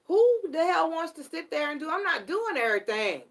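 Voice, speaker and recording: A middle-aged woman giving a casual live tarot reading, blunt and animated and swearing freely. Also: high voice, fairly quick. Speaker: tarot reader.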